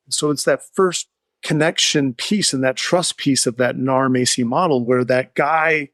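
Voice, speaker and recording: A man's voice: mid-range voice, unhurried, a bit bright, dry recording. A man being interviewed, telling a client's recovery story in an earnest, heartfelt, rambling way. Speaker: addiction therapist, guest.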